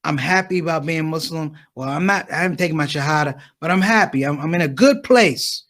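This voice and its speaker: A man performs stand-up in a fairly high, brisk voice, speaking directly to the crowd. He is animated and acts out the voices of the people in his stories.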